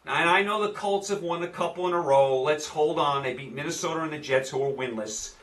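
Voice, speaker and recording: A man with a New York accent hosts his own show of football betting picks, hammering his opinions home by saying them again and again. His voice sits a little high for a man and sounds slightly off the mic. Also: fairly quick, fairly bright tone, distant mic. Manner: opinionated, repeats himself for emphasis. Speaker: sports picks host. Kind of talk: casual sports betting commentary.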